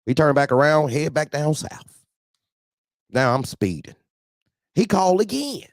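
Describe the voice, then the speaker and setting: A man telling a profane, animated story about his truck. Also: a little high, unhurried, pauses often, no echo, studio quality. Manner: profane, animated, acts out other voices. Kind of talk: casual storytelling.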